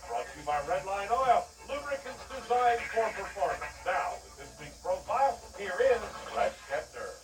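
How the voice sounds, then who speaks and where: A man doing excited play-by-play commentary on drag races for a TV broadcast. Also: high-pitched, soft background music. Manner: excited, rapid play-by-play delivery. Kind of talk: race commentary. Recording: echoey, distant TV broadcast audio with noise.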